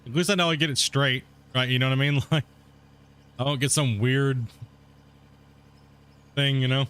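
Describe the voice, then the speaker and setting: A man's voice: medium pitch, fairly even intonation, normal speed, a bit bright, clear, resonant tone. A man casually chatting on a live stream while he plays, laid-back and rambling, tagging his sentences with "right?" and "man". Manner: reads out and answers viewer chat. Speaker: gaming streamer.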